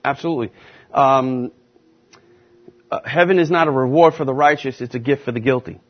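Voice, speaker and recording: A man preaching and teaching a Bible class, emphatic and deliberate, stressing key words with slow repetition. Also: medium pitch. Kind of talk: sermon-style Bible teaching. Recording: dull lo-fi recording.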